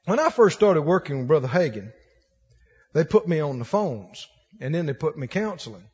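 A man from Mississippi, preaching a folksy, animated sermon with laughing asides. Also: a little high, normal speed, breathy edge. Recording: dull lo-fi sound in a long-echo hall.

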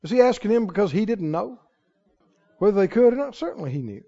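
A man preaching a sermon in a church, acting out the quoted voices of others and rising to shouts of conviction. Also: sits high, fast. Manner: animated, acts out quoted voices, rises to shouts. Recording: reverberant hall, dull lo-fi sound.

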